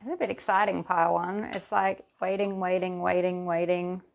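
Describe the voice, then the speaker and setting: A woman giving a pick-a-card tarot reading to her viewers, talking in an unhurried, soothing way and speaking to them directly. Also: lowish voice, fairly even intonation, creaky.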